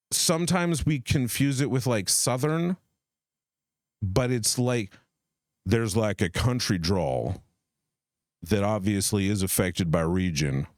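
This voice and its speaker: A man's voice: fairly low pitch, a little mellow, no room sound. A man co-hosting a live stream, chatting in a rambling, playful way. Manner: rambling, playful, musing aloud. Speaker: stream co-host. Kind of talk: casual chat.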